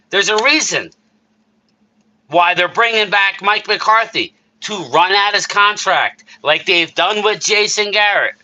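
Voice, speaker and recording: Man, high voice, very bright tone, heated casual sports rant, live-stream host. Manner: heated, worked-up ranting with quick asides to chat. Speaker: streamer host reading chat.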